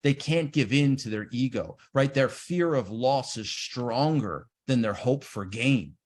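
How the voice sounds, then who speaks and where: Guy teaching trading, kinda husky voice, super lively up and down delivery. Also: medium pitch, measured pace. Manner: lively, acts out traders' inner voices. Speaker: trading educator. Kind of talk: animated seminar talk.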